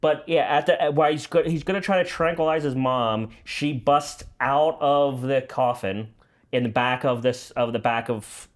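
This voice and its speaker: Man eagerly recapping a movie. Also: mid-range voice. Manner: eager recapping, quick restarts. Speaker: podcast host. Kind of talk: casual movie discussion.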